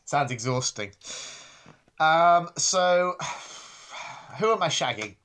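A man's voice: on the high side, lively intonation, takes it slowly, fairly bright tone. A man co-hosting a podcast in casual chat, dry and self-deprecating, often restarting his sentences. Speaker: podcast co-host.

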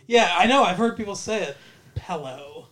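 Male co-host, high-ish voice, rambling and playful, goofs around with voices, casual review banter. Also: fast, fairly bright tone. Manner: playful, rambling, breaks into bits of funny voices. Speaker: podcast co-host.

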